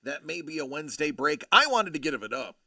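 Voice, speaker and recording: A man hosting a casual livestream, joking and teasing his viewers with quick asides. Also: on the high side, big pitch swings, sharp tone, dry recording, clean studio sound. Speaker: livestream host, collector.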